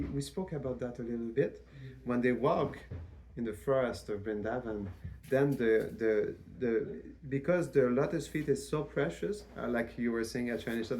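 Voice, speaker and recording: A man giving a devotional lecture as a spiritual teacher, in a measured, reverent way with frequent restarts. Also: medium pitch, a little mellow, slight background noise.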